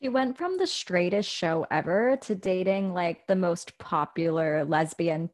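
A woman's voice: lowish voice, expressive, unhurried, darkish tone. A young woman co-hosting a casual gossip podcast, giggly and rambling, often hunting for words. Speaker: podcast co-host. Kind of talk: casual celebrity gossip chat.

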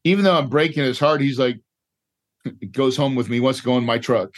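A man's voice: medium pitch, a little fast. Emotional man telling a personal story. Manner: emotional, repetitive, says "right?" and "dude" often. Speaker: podcast guest, real estate investor. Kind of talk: candid storytelling interview.

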